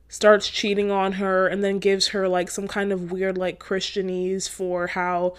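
A young woman hosting a podcast, talking casually about faith in a chatty, earnest way full of "like" fillers. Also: mid-range voice. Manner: earnest and encouraging, gently preachy. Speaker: podcast host.

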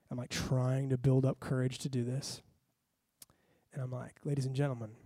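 A man pastor preaches in a storytelling way, acting out his own reactions as he goes. His voice sits a little high but has a mellow, warm tone. The sound is close and dry. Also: no echo. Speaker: lead pastor. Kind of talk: storytelling sermon.

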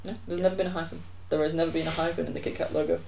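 A man's voice: on the high side, little pitch movement, rapid-fire, gravelly, noisy background. A man co-hosting a podcast in casual chat, quizzing and teasing his co-host.

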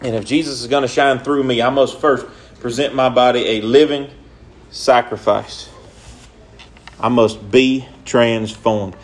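A man's voice: medium pitch, steady tone, unhurried. A young man preaching a sermon in an earnest, repetitive way, with folksy, casual grammar.

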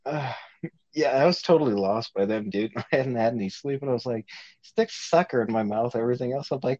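A man's voice: mid-range voice, brisk, darkish tone, no room sound, lo-fi sound. A man telling stories in casual chat as a guest, swearing and laughing often. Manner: laughing, profane storytelling. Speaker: guest actor.

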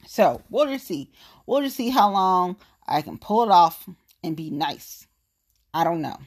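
A woman in her late thirties with an African American English accent delivers a casual political rant. She is blunt and profane, and she talks with fired-up conviction in a voice of middle pitch. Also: sing-song, moderate pace, husky. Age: 30s.

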